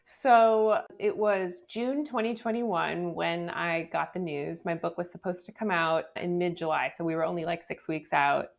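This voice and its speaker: A woman author being interviewed, telling her story in a chatty, animated way with lots of "like"s. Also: fairly low pitch, a little slow, creaky, few pauses. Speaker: guest author. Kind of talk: casual interview talk. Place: home office in New York.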